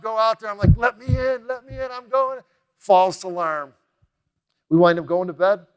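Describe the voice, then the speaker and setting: A man's voice: high-pitched, smooth. A middle-aged man giving a motivational keynote talk, telling stories with energy and acting out the dialogue as he goes. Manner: energetic, acts out quoted dialogue in a lively way. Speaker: motivational speaker.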